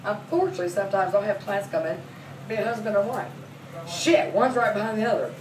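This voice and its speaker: In a comedy club, a woman in her forties with a mid-range voice talks fast and animatedly, laughing through brash, profane stories about her son and her massage clients. She's a massage therapist doing stand-up storytelling. The recording is noisy and echoey, with the mic placed at a distance.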